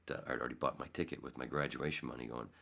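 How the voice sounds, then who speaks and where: His voice is very deep and gravelly, with a steady yet sharp tone, and he races along. This podcast host, a man in his fifties, spins a long, rambling casual story, restarting and self-correcting as he acts out the quotes.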